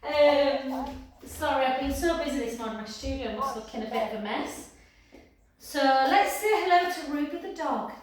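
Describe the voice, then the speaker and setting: A woman's voice: high-pitched, normal speed, a crowd in the background. A woman teaching a pilates class, counting down reps and chatting with stories between exercises. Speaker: pilates instructor. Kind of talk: live class instruction with counting. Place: her home exercise studio. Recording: very echoey room, mic far off.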